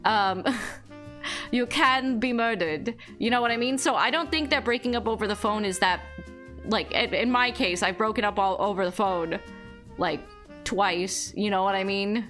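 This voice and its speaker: A woman's voice: medium pitch, moderate pace, a bit bright, soft background music. A young adult woman livestreamer telling stories in casual chat, rambling with lots of "like" and "you know what I mean".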